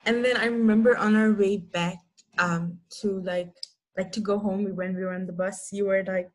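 A woman's voice: medium pitch, fairly even intonation, normal speed. A woman in her twenties co-hosting a podcast, telling stories in a rambling way with many fillers and frequent laughs. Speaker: podcast co-host. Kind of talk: casual chat.

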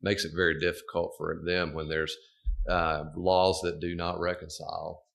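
Deep-voiced middle-aged man, podcast guest expert, measured and explanatory. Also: flat delivery, creaky, fairly bright tone.

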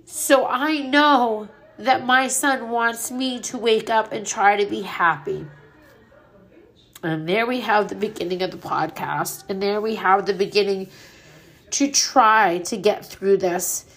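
A woman's voice: medium pitch, takes it slowly, fairly bright tone. A middle-aged woman hosting her own podcast, speaking candidly and earnestly about grief, swearing freely. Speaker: podcast host. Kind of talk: personal grief podcast monologue.

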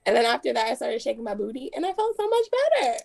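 A young woman sharing a personal story with her coach in a candid, chatty way, her speech full of "like." Her voice is a little high, with a gravelly fry running through it. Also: sing-song, fast talker, darkish tone. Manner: earnest, chatty, many likes. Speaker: coaching participant. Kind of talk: casual sharing.

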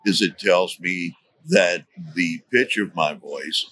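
A man speaking as a guest in a podcast interview, explaining his points deliberately and repeating key words for emphasis. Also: low-pitched, lively intonation, fairly bright tone, no room sound. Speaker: guest, safety trainer.

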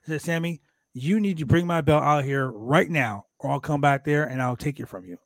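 A man with a slightly raised voice recaps wrestling in loose, animated chat. He swears often and acts out what the wrestlers said. The sound is close and dry. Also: a little high, brisk, dry recording. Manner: animated, profane, acts out quotes from the show. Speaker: podcast host recapping wrestling.

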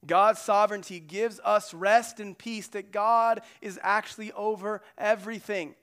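A male pastor delivering a sermon in a relaxed, chatty manner, dropping slang and playful asides as he explains the text. His voice sits a little higher than most men's. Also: a little slow, clear, resonant tone. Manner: casual, conversational preaching with slangy asides and acted quotes.

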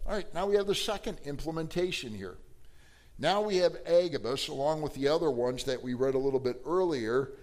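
A man teaching a Bible class verse by verse, quizzing his listeners and acting out the quoted lines. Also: fairly quick. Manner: asks the class questions and acts out the quoted lines; animated, with sudden jumps in pitch and loudness.

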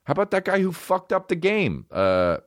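A man's voice: sits high, huge pitch swings, normal speed, no echo, clean studio sound. A young adult man hosting a comedy podcast, riffing in a profane, ranting monologue.

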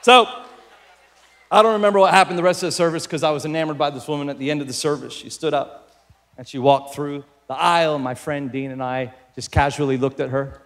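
A man doing stand-up, telling a story in an animated way and often checking in with "right?" asides. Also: on the high side, fairly quick. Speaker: comedian.

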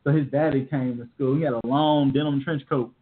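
A man in his thirties co-hosting a podcast, telling stories in animated, slangy casual chat. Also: mid-range voice, brisk. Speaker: podcast co-host. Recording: tinny phone-like audio.

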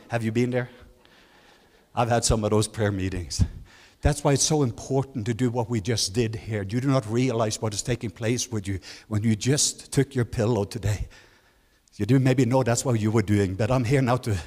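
A man preaching a sermon as guest speaker, leading the congregation in call-and-response and climbing to high, emphatic lines, with non-native English phrasing. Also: expressive, normal speed, a little mellow. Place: large church hall. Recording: church hall reverb.

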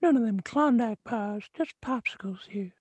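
A man putting on a sleazy high popsicle peddler. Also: normal speed, darkish tone, slightly rough, dry recording. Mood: sleazy pitch.

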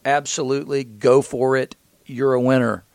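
A man's voice: medium pitch, flat delivery, normal speed, vocal fry, darkish tone. A man preaching an expository Bible sermon, retelling scripture in plain conversational talk.

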